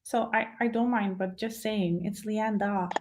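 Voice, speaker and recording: A woman's voice: mid-range voice, fairly even intonation, moderate pace, a little hiss or hum. A woman from the Netherlands with a Dutch accent, co-hosting a casual live-stream chat on a video call and laughing often. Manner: laughs often, friendly and chatty. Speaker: readathon co-host.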